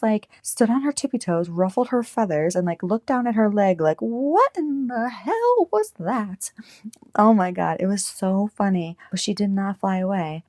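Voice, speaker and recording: Chatty woman with a low, dry voice. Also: darkish tone, no echo. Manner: chatty, rambling, lots of filler "like". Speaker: podcaster and YouTuber. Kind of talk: casual chat.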